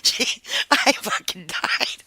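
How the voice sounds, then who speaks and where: A woman's voice: takes it slowly, sharp tone, no echo. A middle-aged woman hosting a live stream, chatting casually with viewers, laughing often and swearing freely. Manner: frank and talkative.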